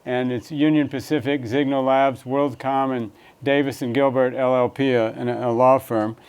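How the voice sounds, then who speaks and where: A man's voice: medium pitch, flat delivery, normal speed, darkish tone, clear, resonant tone. A man hosting a symposium, loosely introducing the next part and thanking partners. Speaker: symposium host. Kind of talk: event introduction.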